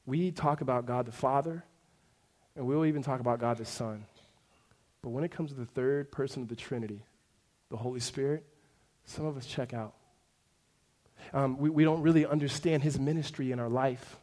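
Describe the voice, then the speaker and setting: A man in his thirties preaching a sermon to his congregation in a conversational way, dropping to a hush and then rising to emphatic points. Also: mid-range voice, normal speed, long pauses. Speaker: pastor.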